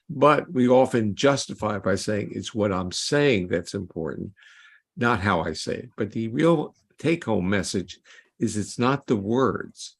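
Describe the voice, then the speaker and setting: Low gravelly male scientist explaining. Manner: measured, lecturing, with hesitant fillers. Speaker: interviewee, scientist. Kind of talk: explanatory interview answer.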